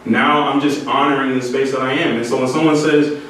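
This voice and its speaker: A man's voice: mid-range voice, steady tone, a little fast, few pauses, fairly bright tone. A man giving an earnest, candid motivational talk to music students, often breaking into laughter. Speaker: speaker addressing music students. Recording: echoey hall, voice from far off, faint noise.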